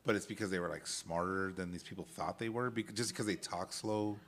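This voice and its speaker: Deep-voiced Californian man, rambly podcast co-host, faint hiss. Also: fairly quick, a bit bright. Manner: rambling, lots of "like" and restarts. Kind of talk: casual chat.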